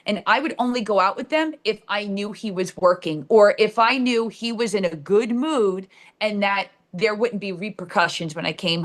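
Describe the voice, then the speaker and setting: Blunt New woman, sarcastic storyteller. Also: medium pitch. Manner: blunt, animated, with casual swearing and sarcasm. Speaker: podcast guest. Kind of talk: candid conversational storytelling.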